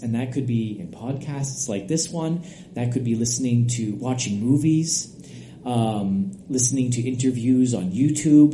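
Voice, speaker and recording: A man who is a native English speaker, a guest expert giving steady, explanatory podcast answers and often checking in with "right?". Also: medium pitch, slight background noise. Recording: echoey room.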